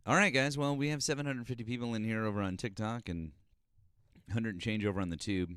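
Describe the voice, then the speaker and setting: A man's voice: on the low side, steady tone, fast talker, a bit bright, clear, resonant tone, no room sound, clean studio sound. A man hosting a casual political live stream, talking in a sarcastic, exasperated way. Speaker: host.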